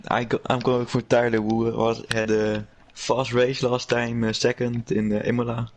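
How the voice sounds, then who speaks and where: A man co-commentating a racing league live, hesitant and full of filler pauses. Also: mid-range voice, little pitch movement, slight background noise.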